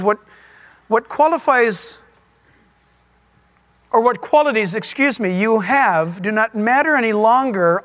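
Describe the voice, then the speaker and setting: A male pastor preaches in a relaxed, conversational way. His pitch swings up and down freely as he tells stories and asks questions of his listeners. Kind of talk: conversational sermon.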